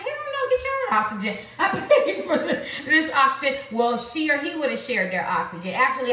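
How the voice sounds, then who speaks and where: This woman, a tarot reader, offers her viewers a spiritual reading full of repetition, slang and fillers. Her medium-pitched voice has a fairly bright tone and sounds distant from the mic, in an echoey room.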